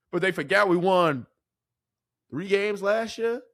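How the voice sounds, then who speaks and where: A man's voice: high-pitched, measured pace, fairly bright tone. A man hosting a fan sports commentary show, ranting heatedly with profanity and rhetorical questions. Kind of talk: fan reaction rant.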